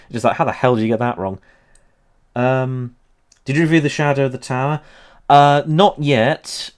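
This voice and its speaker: Man, thirties, livestream host, rambling, filler-heavy, laughs a lot, mid pitch. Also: measured pace, pauses often. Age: 30s. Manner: rambling with many ums, laughs often. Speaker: history channel host. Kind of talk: casual livestream chat.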